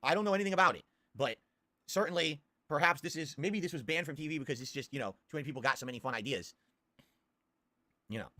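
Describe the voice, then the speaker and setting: A man hosting a live stream, reacting to old ads in crude, excitable casual commentary full of swearing. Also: a little high, quick pace, long pauses, no room sound. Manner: crude, swearing, excitable, bursts into loud laughter.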